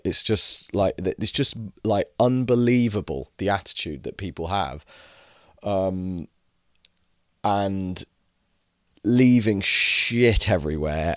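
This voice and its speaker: A man's voice: on the low side, no echo, studio quality. A young man ranting in a casual monologue, exasperated, swearing freely and mimicking people mockingly. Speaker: video creator.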